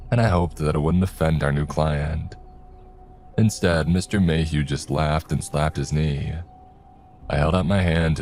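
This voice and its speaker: A man reading a horror story aloud in a steady first-person narration. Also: a bass voice. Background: faint music.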